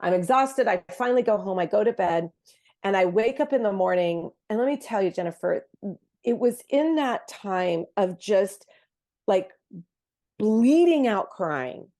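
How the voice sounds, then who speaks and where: A woman's voice: medium pitch, animated, unhurried, dark tone. A woman speaking as a podcast guest, her voice sitting in a middle register. She tells her story earnestly and from the heart, stumbling and restarting as she goes. It is a casual faith conversation.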